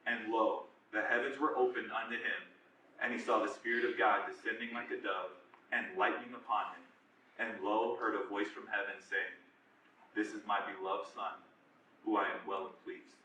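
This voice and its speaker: Bright-voiced young man giving a testimony. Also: lowish voice, moderate pace, a little hiss or hum. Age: 20s. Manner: casual, conversational, animated retelling with slang. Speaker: guest speaker. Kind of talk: personal testimony talk. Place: large echoey room at a church singles group. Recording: echoey room, voice from far off.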